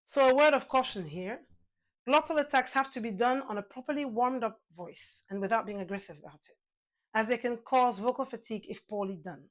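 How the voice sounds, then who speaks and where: Calm, encouraging female vocal coach. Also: fairly high pitch, brisk. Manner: calm, encouraging, counts aloud and demonstrates sounds. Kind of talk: guided singing lesson.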